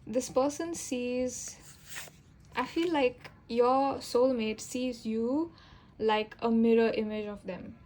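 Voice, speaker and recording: A young woman with a fairly high voice gives a casual tarot reading, talking in a chatty, rambling way. She fills gaps with little fillers and stops to correct herself as she goes. Faint noise sits behind her voice. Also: fairly even intonation, slow pace, darkish tone, rough recording. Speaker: tarot reader.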